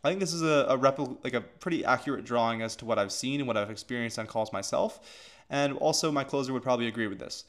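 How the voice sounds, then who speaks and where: A man's voice: medium pitch, fast. A man casually teaching how to run sales calls, talking loosely with lots of filler words and restarts. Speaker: agency coach.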